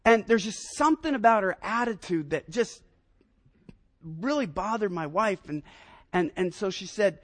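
A man in his fifties, a pastor preaching a sermon, telling personal stories in an animated way and often repeating his first words. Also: high voice, normal speed. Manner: animated storyteller, repeats words when starting sentences.

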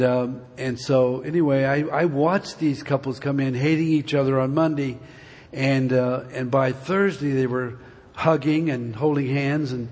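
Husky older man telling a story in church. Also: mid-range voice, darkish tone. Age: 70s. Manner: folksy, meandering storytelling. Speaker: speaker giving a church testimony. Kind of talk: rambling personal story told to a congregation. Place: church sanctuary. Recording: long reverb of a large hall.

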